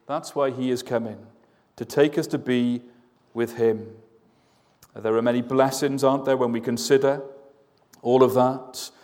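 A man preaching a slow, earnest evening sermon with a mellow, dark tone. His voice carries a long church reverb. He asks his listeners questions as he goes. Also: medium pitch.

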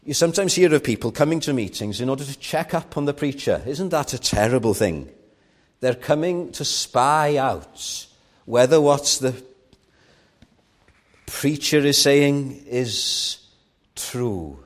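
A man's voice: mid-range voice, animated, measured pace. A man preaching a sermon at an evening church meeting, earnest and rising to fervent emphasis.

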